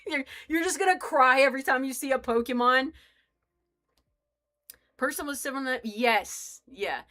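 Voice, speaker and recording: A woman's voice: high voice, sing-song, unhurried, pushed and bright. A young woman streaming a game, rambling casually, joking and swearing as she chats with her viewers. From United States. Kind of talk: casual live-stream chat while playing.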